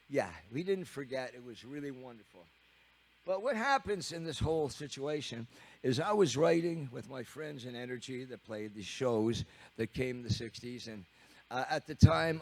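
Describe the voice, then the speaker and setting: On stage between songs at a live studio concert, a Canadian rock drummer in his seventies tells a rambling story, chuckling as he goes. His mid-range voice is a little mellow.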